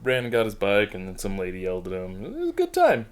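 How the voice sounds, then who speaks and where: A man in casual podcast chat, retelling a friend's crash with excitement, swearing and laughter. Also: fairly low pitch, quick pace. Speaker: podcast co-host.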